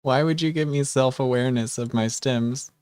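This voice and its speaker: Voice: mid-range voice, normal speed, darkish tone, clear, resonant tone, no room sound. Giggly teasing co-streamer, dry sound. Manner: giggly, teasing, self-mocking. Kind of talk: casual livestream chat.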